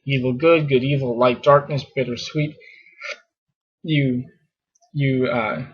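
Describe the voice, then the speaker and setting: A man's voice: mid-range voice, steady tone, takes it slowly, slightly rough. A man teaching scripture in a casual, conversational way, full of fillers and mock exasperation. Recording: muffled lo-fi recording.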